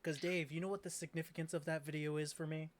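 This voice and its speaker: A man serving as game master who jokes around and swears casually while the players gather. His voice sits a little high, and a faint hiss sits under the recording. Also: level tone, quick pace. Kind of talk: casual chat before a tabletop game.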